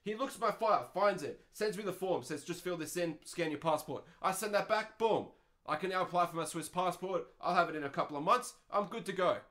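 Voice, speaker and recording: A man's voice: high-pitched, brisk, fairly bright tone. Profane Australian man in his twenties ranting. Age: 20s. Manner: profane, exasperated, sarcastic. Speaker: podcast host. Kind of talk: ranting podcast monologue.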